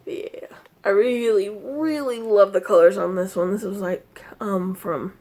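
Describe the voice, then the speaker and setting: A woman's voice: measured pace, dark tone. Chatty, easily distracted woman vlogger. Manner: scolds her cat in a high voice. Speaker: cross-stitch vlogger. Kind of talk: casual crafting vlog chat.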